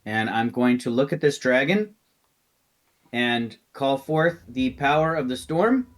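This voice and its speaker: A man's voice: mid-range voice, lively intonation, a little slow. A man playing in an online tabletop game, chatting casually and thinking his moves through aloud with many ums.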